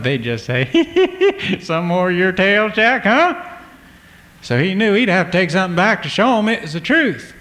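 A man's voice: mid-range voice, fairly bright tone. A man telling a folk tale in a folksy, drawling way, talking to the listener. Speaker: storyteller.

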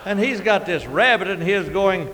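A middle-aged man spins a comic yarn in a drawling, deadpan way. His voice sits a little high. It carries the long reverb of a live hall over faint ambience. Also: normal speed, noisy background. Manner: drawling, deadpan, with sound effects and chuckles. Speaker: storyteller. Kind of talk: folksy comic storytelling.

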